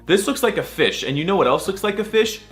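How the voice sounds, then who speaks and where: A man's voice: high voice, expressive, soft background music. Jokey man teaching letters. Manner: sarcastic, jokey, drawn-out letter sounds. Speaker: comedy video creator. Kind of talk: mock alphabet lesson.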